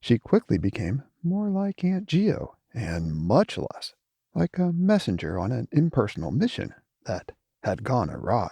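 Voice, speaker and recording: Male audiobook narrator; gravelly, lively delivery, dry close sound. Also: medium pitch, measured pace, no echo. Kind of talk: scripted narration.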